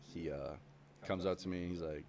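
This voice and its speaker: Low-voiced young man swearing casually. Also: steady tone, moderate pace, a little mellow, a little hiss or hum. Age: young adult. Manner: swears constantly, rambling with many fillers. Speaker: podcast guest. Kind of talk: casual chat.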